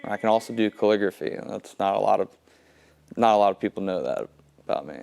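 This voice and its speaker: Gravelly-voiced high school boy. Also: quick pace, darkish tone. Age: teens. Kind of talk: casual profile interview.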